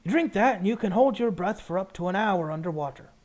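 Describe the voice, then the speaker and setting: A man's voice: high voice, lively intonation, fast, a little mellow, pitched above the performer's own voice. A man voicing a shrewd male potion brewer who sells his wares and haggles politely but firmly. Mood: bargaining. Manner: bargaining, polite but firm.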